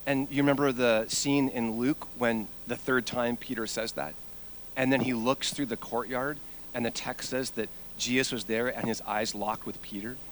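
A man preaching a sermon, telling a story and moving between quiet, low passages and loud, high-pitched peaks. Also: slight background noise, poor audio. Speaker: pastor.

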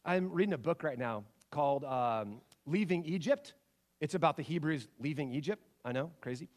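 Animated high-voiced male pastor. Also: moderate pace. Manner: animated, rhetorical questions, swings from loud to hushed. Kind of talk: sermon.

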